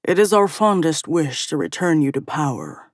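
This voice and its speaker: A woman's voice: deep voice, big pitch swings, moderate pace, no echo, clean studio sound. A woman voicing an ancient male ruler of a council who speaks in a formal, commanding way. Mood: stern.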